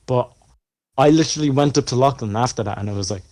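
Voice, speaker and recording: A young Irish man talks in a casual podcast chat. He tells the story in a loose, rambling way, swears freely and fills the gaps with "like" and "um". His voice sits at an ordinary pitch for a man. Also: fast, a little mellow, no room sound. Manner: rambling, profane storytelling full of fillers. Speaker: podcast co-host.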